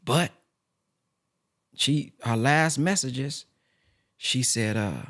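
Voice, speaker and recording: A man's voice: mid-range voice, very slow, a bit bright, dry recording, clean studio sound. A man talking casually to his viewers, rambling and heartfelt with lots of fillers. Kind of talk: casual personal talk to viewers.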